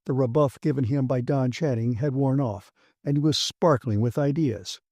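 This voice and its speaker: A man reading a classic science fiction audiobook with brisk, vivid storytelling. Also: medium pitch, darkish tone, no room sound, clean studio sound. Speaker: audiobook narrator. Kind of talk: scripted narration.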